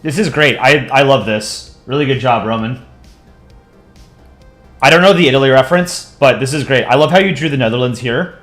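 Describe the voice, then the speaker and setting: A man casually chatting with viewers on a live drawing stream, relaxed and rambling. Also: mid-range voice, moderate pace. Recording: echoey room with faint music.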